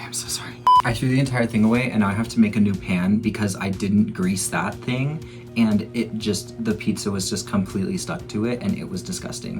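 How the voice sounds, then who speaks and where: A man in his twenties chatting casually in a vlog while baking at home, chatty and self-mocking, swearing freely. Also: lowish voice. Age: 20s. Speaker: YouTuber.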